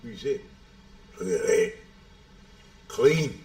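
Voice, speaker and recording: A man's voice: mid-range voice, drawn-out words. A man giving casual live pool commentary, bantering and calling people bro. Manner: relaxed banter, calls everyone bro. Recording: echoey room.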